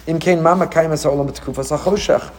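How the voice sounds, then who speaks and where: A man delivering a lively sermon as a rabbi. His voice sits a little high for a man. He asks question after question and drops Hebrew terms into his English. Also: quick pace. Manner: animated, rhetorical questions, mixes Hebrew terms.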